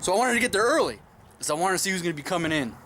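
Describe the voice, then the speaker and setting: A man's voice: sits high, big pitch swings, very fast, bright, forceful tone, a little hiss or hum. A young man hosting a casual chat with a friend, laughing a lot and talking in a loose, profane way. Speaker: channel host.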